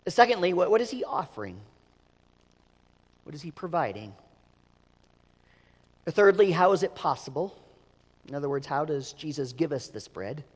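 Pastor preaching in a reverberant hall. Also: male voice, a little high, very animated, normal speed, pauses often, breathy edge. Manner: emphatic, repeats words as he restarts. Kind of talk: sermon. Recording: long reverb of a large hall.

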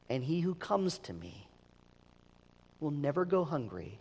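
A man's voice: fairly high pitch, expressive, normal speed, warm tone. A man preaching a sermon as pastor, emphatic, sometimes repeating words as he restarts. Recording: long reverb of a large hall.

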